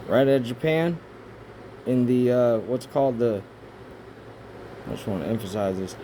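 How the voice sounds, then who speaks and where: Excitable, cursing man rambling over pictures. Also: medium pitch, normal speed, a little hiss or hum. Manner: profane, excitable outbursts, rambling asides. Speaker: video creator. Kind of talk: casual conspiracy commentary over images.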